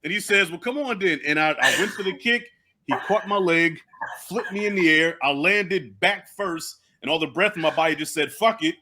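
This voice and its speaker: Bright, animated man telling stories. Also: a little high, moderate pace. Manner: animated storyteller who acts out quoted voices. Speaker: host. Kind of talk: casual podcast chat.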